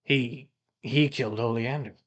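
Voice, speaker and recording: A man doing a blunt, gruff adventurer. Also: mid-range voice, steady tone, a little slow, lo-fi sound, close to an everyday voice. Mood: agitated. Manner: stammering, agitated speech.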